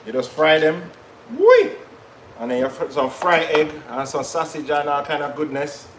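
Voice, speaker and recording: Man hosting a live kitchen stream, talks to the viewers as he cooks; slightly high voice, roomy sound with faint background noise. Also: steady tone, normal speed, a bit bright. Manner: chatty, patois-tinged asides to viewers. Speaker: cooking show host. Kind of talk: live cooking stream chat.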